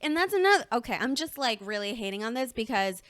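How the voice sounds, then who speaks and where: A woman co-hosting a casual podcast, giving blunt, opinionated takes with quick asides. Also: on the high side, big pitch swings, a bit bright, no room sound. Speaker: podcast co-host. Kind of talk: casual chat.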